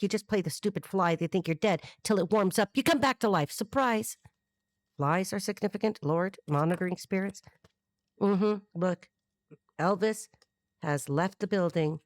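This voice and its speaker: Wisecracking and occasionally profane, a middle-aged US woman drifts from thought to thought during a freestyle tarot reading, singing snippets and putting on voices. Her fairly low voice has a darkish tone, with no echo.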